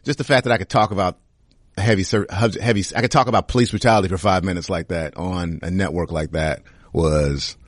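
A young man, a comedian, answering interview questions in a relaxed, rambling way. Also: sits low, brisk, no room sound, clean studio sound.

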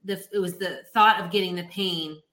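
A woman's voice: on the low side, fairly even intonation, normal speed, sharp tone. A woman hosting a conversation, musing aloud in a loose way with many filler words. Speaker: host. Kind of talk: conversational interview. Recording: echoey room.

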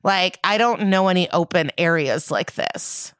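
A woman's voice: on the low side, expressive, measured pace, fairly bright tone, clear, resonant tone, no room sound. A young adult woman co-hosting a podcast, casually recapping a TV episode, swearing freely and acting out the characters' lines. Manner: swears casually, retells scenes with quoted dialogue. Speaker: podcast co-host.

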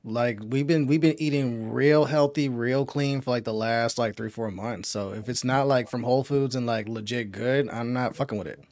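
A man with a mid-pitched voice talking in a low-key, relaxed way. The sound is dry, with no room around it. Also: normal speed, hardly any pauses, no room sound. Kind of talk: casual group chat.

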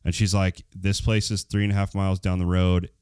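Male vlogger, smooth voice, dry close sound, rambling storyteller fighting off a cold. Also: deep voice, little pitch movement, brisk, a little mellow, no echo. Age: adult. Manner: rambling, many fillers, acts out quoted dialogue. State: getting over a cold. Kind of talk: casual storytelling to viewers.

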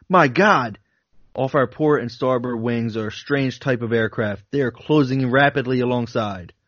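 A man's voice: mid-range voice, dry recording, lo-fi sound. A man co-hosting a podcast, reading a flight log aloud with dramatic emphasis, chuckling between passages. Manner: dramatic reading with laughs breaking in. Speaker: podcast co-host.

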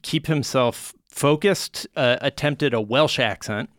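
A man co-hosting a laid-back comedy podcast, talking in a loose, rambling way full of "uh"s. His voice is smooth and clean, recorded close and dry with no room sound, and it sits at an ordinary middle pitch. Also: slow, fairly bright tone, no room sound. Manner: rambling, lots of filler "uh"s. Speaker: podcast co-host. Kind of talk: casual comedic chat.

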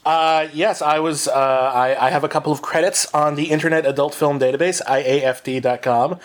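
A man's voice: on the high side, fairly even intonation, a little fast. A man co-hosting a podcast, telling a long comic story in a rambling, self-mocking way with many fillers. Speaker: podcast co-host. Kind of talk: casual storytelling.

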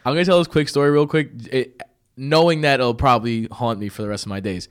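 A man's voice: medium pitch, steady tone, fast, heavy background noise. A man, a podcast guest who speaks bluntly with dry wit. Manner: blunt, wry, laughs easily. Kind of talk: casual chat.

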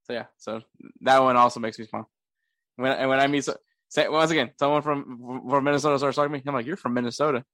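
A man's voice: medium pitch, fast talker, dry recording, studio quality. Joking young man on a podcast. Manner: laughs often, jokey and animated. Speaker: podcast co-host. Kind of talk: casual chat.

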